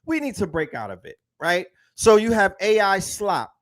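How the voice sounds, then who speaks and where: A man's voice: high-pitched, big pitch swings, moderate pace, a bit bright. A man hosting an online talk, speaking emphatically with slang and lots of repetition. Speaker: host. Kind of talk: animated lecture-style talk.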